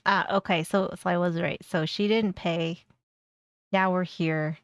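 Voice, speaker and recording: A woman's voice: lowish voice, steady tone, measured pace, a little hiss or hum. A woman streamer giving blunt, sarcastic reaction commentary on a video and laughing often.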